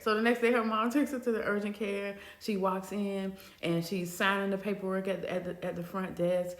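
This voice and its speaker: A woman casually telling a gossipy story in an animated way. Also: mid-range voice, moderate pace, few pauses. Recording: echoey room.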